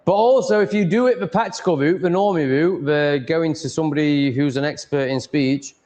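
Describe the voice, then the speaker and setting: A man's voice: a little high, normal speed, darkish tone. A man chatting casually on a live stream, mumbling and rambling, swearing freely and reading chat aloud.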